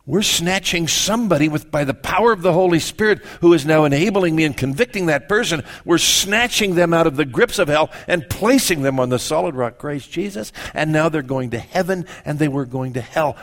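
An older man, a pastor, preaching a sermon with lively asides and quick self-corrections. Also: fairly high pitch.

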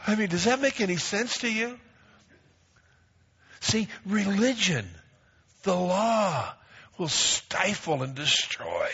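A man's voice: sits high, sing-song, takes it slowly, gravelly, pauses often, sharp tone, husky. A middle-aged man pastor preaching a sermon, emphatic, repeating phrases and acting out quoted voices. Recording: dull lo-fi recording.

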